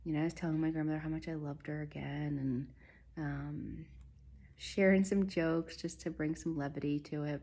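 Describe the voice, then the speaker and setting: A young adult woman speaking softly and haltingly, telling viewers a personal story with many pauses and fillers. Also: deep voice, level tone. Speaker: spiritual vlogger.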